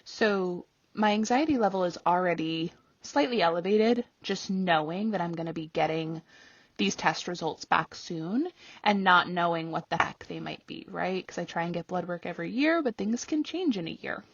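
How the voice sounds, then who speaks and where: A woman hosting a podcast, telling a personal story in a casual, animated way, laughing often and rising high when acting out her own reactions. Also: moderate pace, husky, no echo, muffled recording. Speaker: podcast host.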